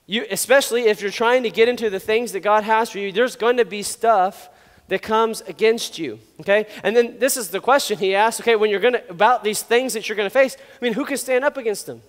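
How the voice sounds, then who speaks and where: A male pastor delivers a lively sermon, cracking jokes and acting out little voices for the people in his story. His voice sits high for a man. The sound carries a long, echoing reverb from a big sanctuary. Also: a little fast. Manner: animated, joking, acts out quotes.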